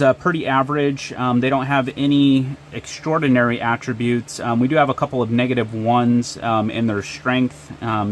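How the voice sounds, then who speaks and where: A man's voice: mid-range voice, a little hiss or hum. A man narrating and running a solo tabletop game with frequent ums and uhs. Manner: hesitant, lots of ums and uhs.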